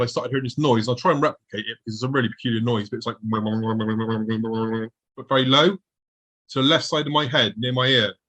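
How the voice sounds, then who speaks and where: A man's voice: medium pitch, bright, forceful tone, husky, low-quality recording. A man, a guest on the show, vividly recounting a personal encounter and acting out his own past thoughts as he goes.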